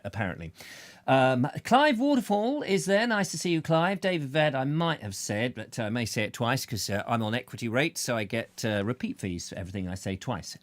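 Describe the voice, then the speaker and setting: A man's voice: mid-range voice, fairly bright tone, no room sound. A man hosting a live chat show, greeting viewers by name in a rambling, jokey way full of silly asides. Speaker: show host.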